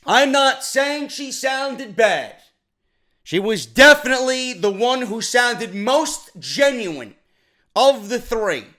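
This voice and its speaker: A man tears into a wrestling broadcast in a blunt, profane solo review, exasperated and stumbling over repeated words as he goes. His voice sits high for a man and has a bright, sharp edge. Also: very animated, slow. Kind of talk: ranting solo show review.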